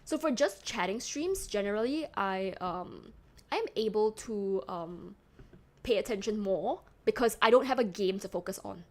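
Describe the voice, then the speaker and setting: A woman's voice: mid-range voice, lively intonation, normal speed, darkish tone. A young woman from Singapore with a toned-down Singaporean accent, chatting casually on a live stream, rambling and self-mocking as she reads chat aloud. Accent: Singaporean English, toned down.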